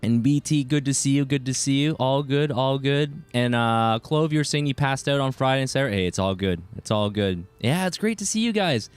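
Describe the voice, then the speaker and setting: A man's voice: mid-range voice, fairly even intonation, fairly quick, few pauses, clean tone, no echo. A man streaming a video game, chatting casually and cheerfully greeting viewers in chat. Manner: upbeat, greets chatters by name, chatty asides.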